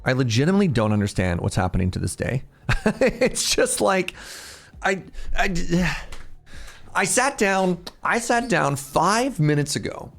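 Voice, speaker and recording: Lively man in his thirties streaming. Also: a little high, measured pace, gravelly. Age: 30s. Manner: animated, laughs often, chats with viewers. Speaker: game streamer. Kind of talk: casual live-stream commentary.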